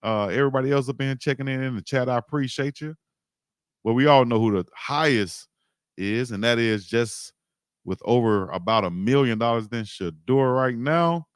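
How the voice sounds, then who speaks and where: A man from South Georgia, hosting a casual livestream and chatting loosely with shout-outs. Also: mid-range voice, moderate pace, clean tone, no echo, studio quality. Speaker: livestream host.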